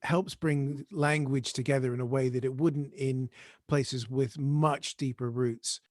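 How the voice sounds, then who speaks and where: A man's voice: mid-range voice, steady tone, a little slow, no room sound. Man host, dry close sound. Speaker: podcast host. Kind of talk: conversational interview.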